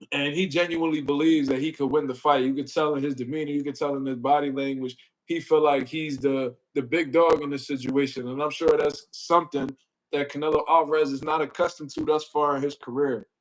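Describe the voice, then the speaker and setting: A man's voice: a little high, fairly even intonation, brisk, poor audio. A man hosting a casual boxing livestream, rambling in profane slang, filling gaps with "you know what I mean" and greeting chat viewers. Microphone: desk mic he moves closer.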